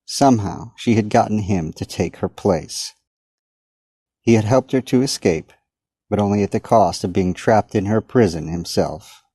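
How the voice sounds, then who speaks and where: A man reading his own dark story aloud in a measured audiobook narration. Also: fairly low pitch, breathy edge, dry recording. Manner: steady, measured dramatic reading.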